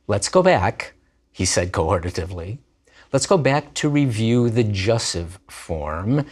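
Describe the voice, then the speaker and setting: Slow, deliberate male language teacher. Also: mid-range voice, a little mellow. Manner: slow, deliberate enunciation with playful asides. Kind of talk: scripted Hebrew grammar lesson.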